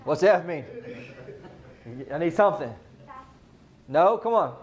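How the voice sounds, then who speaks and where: A man teaching a live sales training class, firing questions at the room and answering them himself. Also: fairly high pitch. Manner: energetic, quizzes the audience, rapid questions.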